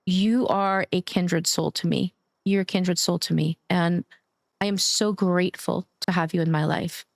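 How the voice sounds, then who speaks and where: A woman's voice: lowish voice, no room sound, studio quality. A woman streamer chatting casually while gaming, affectionate and gushing, cursing now and then.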